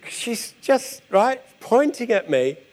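A man preaching, telling a story in an animated, vivid way. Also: extremely high pitch, slow pace. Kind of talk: storytelling sermon.

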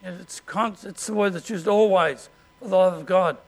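An Australian man preaching a sermon as pastor, in a conversational way and often clearing his throat. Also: sits high, normal speed.

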